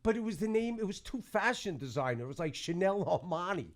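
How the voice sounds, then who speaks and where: A man in casual chat, excitable and joking, swearing as he talks. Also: high voice, fairly quick. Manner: excitable, swears, jumps in with jokes. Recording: crowd noise behind.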